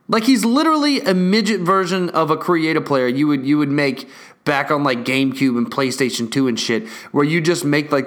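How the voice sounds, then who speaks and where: A young man with a slightly higher-than-average voice rants in a loose, rambling way, swearing at nearly every turn. He gets hyped quickly, piles one aside onto another, and keeps a restless, excitable energy throughout. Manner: profane, excitable, restless storytelling. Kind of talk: rambling casual rant.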